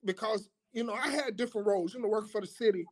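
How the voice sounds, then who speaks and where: A man's voice: high voice, racing. A man, a former coach and athletic director, talking reflectively in conversation. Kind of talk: conversational interview.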